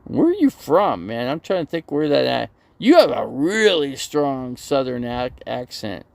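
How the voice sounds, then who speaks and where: A man's voice: medium pitch, sing-song, measured pace, gravelly, darkish tone, no echo. A man on a casual live stream, rambling as he reads viewer comments aloud and answers them, outdoors near a busy road. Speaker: RV channel livestreamer.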